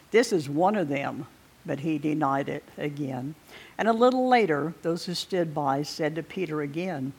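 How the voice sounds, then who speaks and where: A man preaching a sermon, reading scripture aloud slowly and deliberately, with pauses to clear his throat. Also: fairly high pitch.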